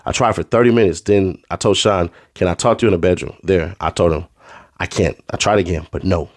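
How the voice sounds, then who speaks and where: A man reading a courtroom transcript aloud, naming each speaker in a flat, clipped way. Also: sits low, a little fast, no room sound, clean studio sound. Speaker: trial recap reader.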